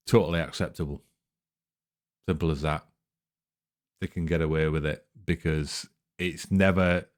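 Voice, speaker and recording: A man hosting a reaction video, chatting casually and talking straight to his viewers. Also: deep voice. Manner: relaxed, chatty, addresses viewers directly. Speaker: reaction channel host.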